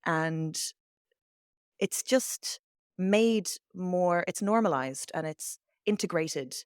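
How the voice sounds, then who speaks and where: A woman's voice: fairly low pitch, takes it slowly, smooth, no room sound, clean studio sound. A woman from Dublin with an Irish accent, a language teacher talking as a guest on an interview and acting out the voices of people she quotes. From Ireland. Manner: animated storyteller, acts out quoted voices. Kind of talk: conversational interview. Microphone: remote call mic.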